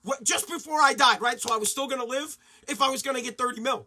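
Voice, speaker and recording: A man with a strikingly high voice hosts a podcast, and he rants in a loose, excitable way full of swearing. His tone is bright and sharp. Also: quick pace, few pauses. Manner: profane, excitable ranting. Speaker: podcast host. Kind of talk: casual podcast rant.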